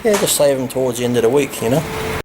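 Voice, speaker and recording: A man's voice: mid-range voice, lively intonation, quick pace, background noise. A man giving matter-of-fact bodybuilding training advice in an interview clip.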